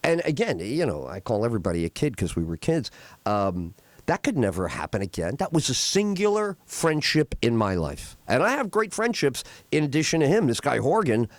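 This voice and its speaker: A middle-aged man hosts a talk radio show, his voice swooping high and low as he rambles through heartfelt stories, full of restarts. He sounds choked up as he talks, close to tears. The studio sound is completely dry. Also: big pitch swings, normal speed, no room sound. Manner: emotional, rambling storytelling with restarts. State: tearing up. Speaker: radio host. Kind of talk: casual talk radio monologue.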